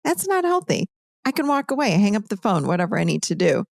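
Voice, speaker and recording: A woman's voice: lowish voice, sing-song, fast talker, vocal fry, no echo, clean studio sound. A woman coach talking emphatically in a casual interview, repeating her points for stress.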